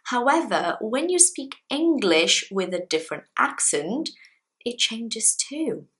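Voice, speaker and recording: A woman, a Portuguese speaker, giving a casual English lesson to camera in an animated, chatty way with lively pitch jumps. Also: slow pace, low-quality recording. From Brazil. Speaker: English teacher.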